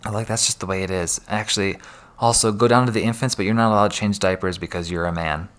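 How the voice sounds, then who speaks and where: A man's voice: fairly low pitch, fast, clean tone. A young man casually telling stories from his past jobs, acting out the people he quotes. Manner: animated storyteller, acts out quoted voices. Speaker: guest. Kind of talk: casual storytelling chat.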